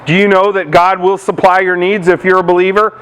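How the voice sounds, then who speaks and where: A man's voice: high voice, level tone, fairly quick, fairly bright tone, smooth, rough recording. A man, a pastor, preaching a sermon, asking the congregation questions and retelling Bible stories.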